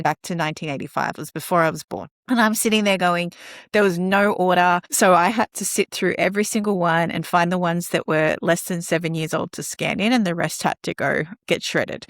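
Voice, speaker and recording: A woman's voice: on the low side, no echo. Earnest woman, dry close sound. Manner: earnest, animated, laughs often. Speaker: guest. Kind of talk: conversational storytelling.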